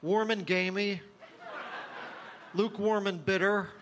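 Man, stand-up comedian, deadpan delivery, crude jokes, fairly high voice, noisy live room. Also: slow. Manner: deadpan one-liners with crude punchlines.

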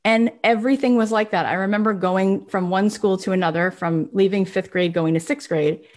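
A woman giving an energetic motivational talk as host of a live online session, addressing viewers directly. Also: mid-range voice, normal speed.

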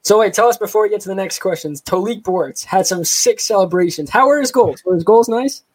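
High-voiced man co-hosting a podcast. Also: low-quality recording. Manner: joking, fast-talking. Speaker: podcast co-host. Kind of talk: casual chat.

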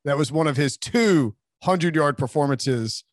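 A man's voice: on the high side, normal speed, dry recording. A man co-hosting a sports talk podcast with wry, jokey banter. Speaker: podcast co-host.

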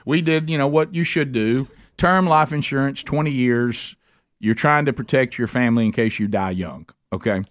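A man's voice: medium pitch, moderate pace, no room sound. A middle-aged man, hosting a comedic talk radio show and telling rambling stories with lots of restarts.

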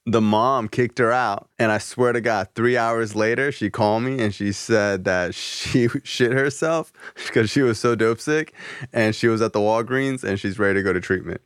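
A man's voice: on the low side, normal speed, smooth, no room sound, studio quality. A man hosting a podcast, talking bluntly and casually and swearing freely. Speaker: podcast host. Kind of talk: casual interview chat.

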